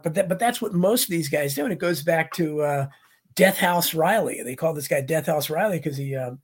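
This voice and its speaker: Gravelly rambling talk-show host. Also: male voice, a little high. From United States. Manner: rambling, animated, jumps between tangents. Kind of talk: casual political talk.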